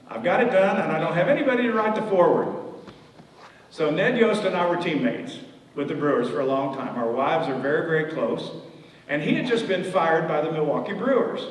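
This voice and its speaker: An older man giving a folksy storytelling talk as a guest speaker, acting out the dialogue in his anecdotes. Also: on the high side. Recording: echoey hall from far off.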